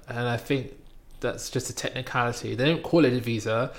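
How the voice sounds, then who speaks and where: A man with a gravelly, rough-edged voice talks through a travel anecdote in relaxed conversation. He is from Britain and animates the story, putting on louder voices for the people in it. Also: medium pitch, brisk. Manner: animated storytelling, acting out quoted voices loudly. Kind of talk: casual chat, anecdote.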